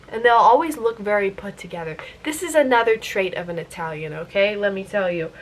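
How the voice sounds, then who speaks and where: Woman beauty vlogger with a higher voice, chatting playfully on camera while doing makeup and drifting onto tangents. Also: fairly bright tone. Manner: rhetorical "guess what" questions.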